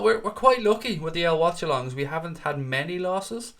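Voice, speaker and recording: A man's voice: fairly high pitch, lively intonation, a little fast, a bit bright. A Dublin Irish man in his late thirties hosting a live football watchalong, chatting casually with viewers, swearing freely and calling them mate. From Ireland. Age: 30s. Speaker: watchalong host. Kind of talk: casual live stream chat reading comments.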